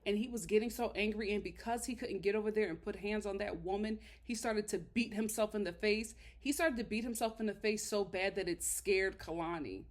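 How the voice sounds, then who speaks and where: A woman's voice: medium pitch, fairly quick, hardly any pauses. A woman reviewing a reality TV show to camera in a small studio, sassy and outspoken in casual commentary.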